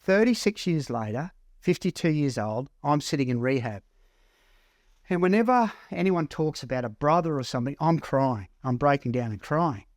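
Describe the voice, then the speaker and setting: An Australian man working as a counsellor, telling a personal story in an earnest, halting way that repeats words as he goes. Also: fairly high pitch, animated, no echo, studio quality. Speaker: counsellor and mentor. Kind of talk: personal story told to camera.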